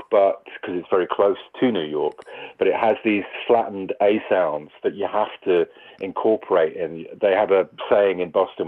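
A male actor answering interview questions in a thoughtful, rambling way, with many restarts. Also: sits low. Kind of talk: conversational interview. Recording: tinny phone-like line.

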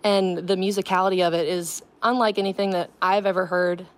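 Young female drama student, earnest, filler-heavy, low-ish voice. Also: fairly even intonation, fairly quick. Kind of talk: casual radio interview.

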